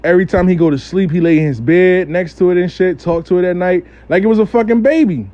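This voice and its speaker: A man casually telling a story in a slangy, profane, animated way as a spiritual practitioner. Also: high-pitched, quick pace, muffled recording.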